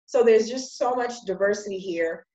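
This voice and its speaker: A woman's voice: mid-range voice, normal speed, warm tone, echoey room, muffled recording. A woman hosting a conversational interview, chatting, affirming and explaining. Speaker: host.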